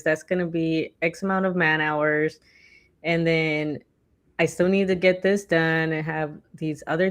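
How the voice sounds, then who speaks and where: A woman co-hosting a casual chat, talking loosely with lots of fillers and acting out quotes animatedly. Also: low voice. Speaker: podcast co-host.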